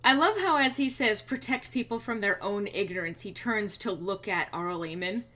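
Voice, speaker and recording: A woman's voice: medium pitch, moderate pace, bright, forceful tone. A woman streaming a video game, giving chatty, sardonic commentary at her microphone. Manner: chatty and sardonic, laughing often. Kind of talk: casual gameplay commentary.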